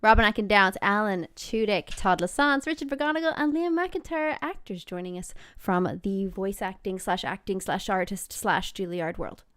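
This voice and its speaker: A woman with an Irish accent hosting a livestream chat, talking in a chatty, animated way. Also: medium pitch, moderate pace, hardly any pauses, clean tone. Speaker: host.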